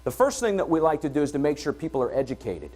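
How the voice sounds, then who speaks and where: Middle-aged male host, conference opener, animated, chatty, keeps asking the audience "right?". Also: a little high, fast. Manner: energetic, conversational, asks "all right?" to the room. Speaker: event host and entrepreneur. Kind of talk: conference opening talk. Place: conference hall before an audience.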